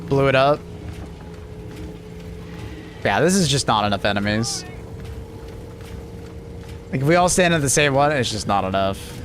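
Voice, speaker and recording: A man's voice: mid-range voice, animated, unhurried, pauses often, faint music behind. Laid-back, swearing male gaming streamer. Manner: profane, laid-back, self-mocking banter. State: sleepy. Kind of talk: casual gaming livestream chat.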